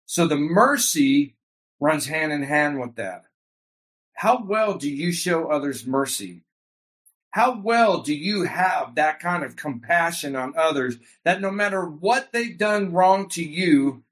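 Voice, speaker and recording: A man's voice: high voice, fairly bright tone. A man preaching a sermon with fervor and emphatic repetition, calling his congregation by a Hebrew word. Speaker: pastor.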